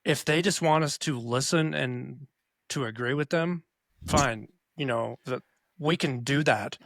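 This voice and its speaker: A man's voice: medium pitch, unhurried, vocal fry, fairly bright tone, dry recording, clean studio sound. A man co-hosting a casual podcast chat who reasons through his points earnestly. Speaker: podcast co-host.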